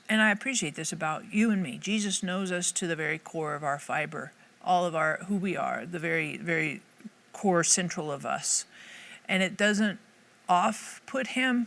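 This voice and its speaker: A woman's voice: mid-range voice, measured pace, fairly bright tone. A woman Bible teacher giving a casual devotional talk to camera, earnest and conversational, thinking aloud as she goes.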